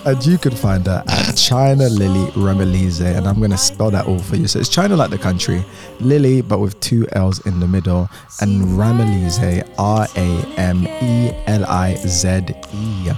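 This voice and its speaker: A man co-hosting a podcast, easygoing and quick to laugh while chatting about music. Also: deep voice. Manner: easygoing, laughs often, lively intonation. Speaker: podcast co-host. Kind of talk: casual music chat.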